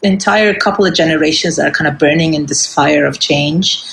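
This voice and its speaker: An Iranian woman in her forties, a guest singer, speaks earnestly in a casual interview full of fillers and restarts. Her voice is low, creaky, and a little fast, recorded with reverb and slight background noise.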